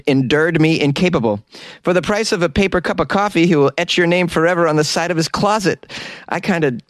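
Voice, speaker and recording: A man's voice: on the high side, dry recording, clean studio sound. An American man hosting a podcast, casually reading listener reviews aloud in a jokey, self-deprecating way and laughing often. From United States. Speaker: podcast host. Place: small hot closet used as studio.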